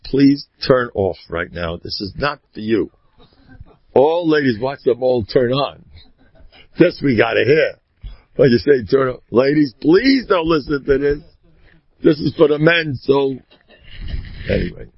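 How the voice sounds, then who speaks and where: A man's voice: gravelly, slightly rough, no echo, muffled recording. A man giving a folksy religious storytelling talk, mixing in Yiddish and Hebrew words and acting out the people in his stories. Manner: animated, acts out voices with big pitch jumps.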